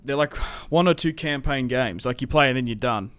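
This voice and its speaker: A man's voice: mid-range voice, fairly quick, fairly bright tone, smooth. Easygoing young Australian man, chatty. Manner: rambling and easygoing, with many fillers and restarts. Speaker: streamer. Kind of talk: casual livestream chat while playing a strategy game.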